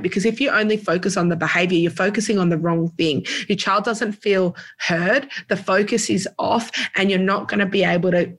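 A woman, co-hosting a casual parenting chat, lively and acting out talks with her child. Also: mid-range voice, brisk, hardly any pauses. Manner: chatty, animated, acts out dialogue with her child. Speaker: podcast co-host, parenting coach.

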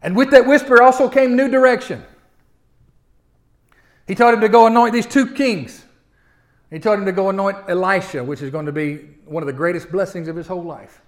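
A male pastor, preaching a folksy sermon that swings from loud to hushed and often repeats his opening words. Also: high voice, a little fast. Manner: repeats words when starting sentences.

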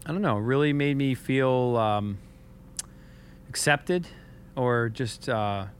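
A man co-hosting a podcast, telling a story in an earnest, reflective way, often halting and repeating his words. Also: medium pitch, a little hiss or hum. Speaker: podcast co-host.

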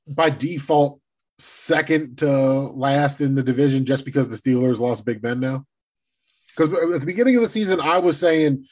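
A man co-hosting a casual sports podcast who teases his co-host and swears casually. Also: mid-range voice. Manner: teasing, lively, swears casually.

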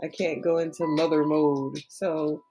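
A woman with a lowish voice talks slowly and easily, co-hosting a laid-back podcast. She sounds loose and chatty, recorded on a laptop in a makeshift home studio with faint music underneath. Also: little pitch movement. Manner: laughs often, loose and chatty. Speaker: podcast co-host. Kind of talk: casual podcast chat.

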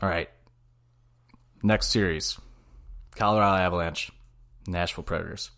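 A man's voice: low voice, steady tone, moderate pace, fairly bright tone. A man co-hosting a podcast in easygoing, profane casual chat, explaining his picks. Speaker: podcast co-host.

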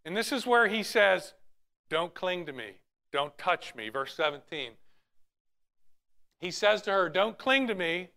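A man with a high, bright voice preaches earnestly in a church. He reads scripture aloud and often restarts his phrases as he works through each point. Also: expressive, a little slow, gravelly, pauses often. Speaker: pastor. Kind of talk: sermon.

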